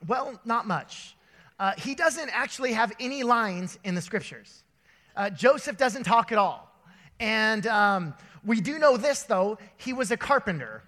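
A young man delivers a sermon in a church auditorium, his bright, high voice carrying a long reverb from the big room. He tells stories with lively put-on voices before turning to scripture. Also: measured pace. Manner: storytelling with animated voices and laughter. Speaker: pastor.

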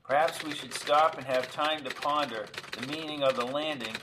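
Brief: male narrator, somewhat high voice, measured dramatic reading, faint hiss. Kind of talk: scripted story narration.

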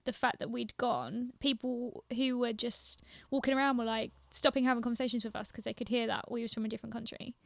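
A woman's voice: on the high side, steady tone, brisk, vocal fry, hardly any pauses, dry recording. A young woman with a London accent, chatting casually as a guest, laughing often and filling her talk with "like" and "um". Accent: London English. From London, England. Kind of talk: casual chat.

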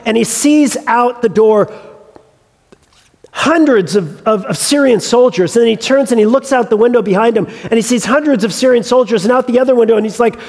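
Pastor guy telling a bible story with jokes, high voice, long hall echo. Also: brisk, a little mellow. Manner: storytelling, humorous asides. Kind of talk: sermon.

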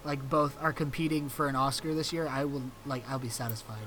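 A man's voice: mid-range voice, fairly even intonation, fairly quick, a bit bright. A young man co-hosting a podcast in casual chat, teasing and laughing often. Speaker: podcast co-host.

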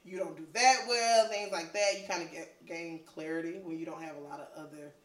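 A woman's voice: fairly low pitch, fairly even intonation, fairly quick, a bit bright. A woman co-hosting a casual chat podcast, joking and laughing often between points. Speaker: podcast co-host. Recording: roomy, distant mic.

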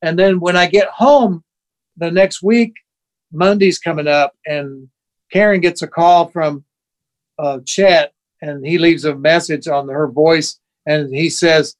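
A man in his sixties, a guest musician, telling sentimental stories in a relaxed chat and briefly acting out the voices of people he quotes. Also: on the high side, slow. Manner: animated anecdotes, acts out quoted voices; emotional, sentimental. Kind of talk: casual storytelling chat.

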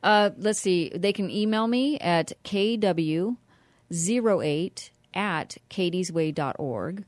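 A woman's voice: fairly low pitch, expressive, slow, no room sound. A woman who runs a nonprofit, speaking earnestly as a radio interview guest and spelling out details carefully. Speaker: nonprofit executive director, guest.

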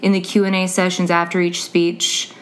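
A woman co-hosting a podcast, chatting casually and telling animated stories about her students. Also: lowish voice, moderate pace. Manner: animated storyteller, mimics others with lively voices. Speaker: podcast co-host; teacher. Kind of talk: casual chat.

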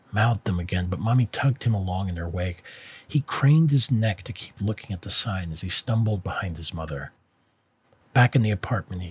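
Husky, low-voiced male narrator. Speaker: audiobook narrator. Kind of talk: scripted narration.

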